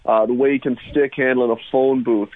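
Talking fairly quickly in a steady, mid-range voice, a man calls a sports radio show as a guest to chat about hockey. The phone line is tinny and the recording dry, and he rambles with enthusiasm, restarting often.

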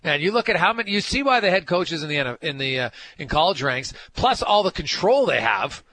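A man's voice: fairly high pitch, no room sound. A man hosting a sports radio show, chatting casually and animatedly, often stopping to correct himself. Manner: animated, self-correcting, quick asides.

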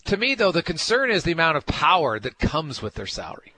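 Lively, bright-voiced sports radio host. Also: male voice, on the high side, no room sound. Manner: animated, self-correcting, quick asides. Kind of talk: casual sports radio chat.

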